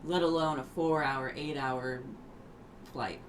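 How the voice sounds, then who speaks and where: A woman's voice: rumbling low, fairly even intonation, takes it slowly, noisy background. A woman co-hosting a podcast, chatting in a playful, jokey way and laughing easily. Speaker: podcast co-host. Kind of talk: casual chat.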